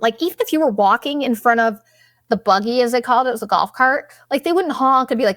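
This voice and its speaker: A young woman hosting a podcast, telling a vacation story in a blunt, profane, animated way and acting out what people said. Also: fairly high pitch, fast talker, dry recording, clean studio sound. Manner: blunt and profane, animated retelling with quoted asides. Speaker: podcast host. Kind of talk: casual storytelling monologue.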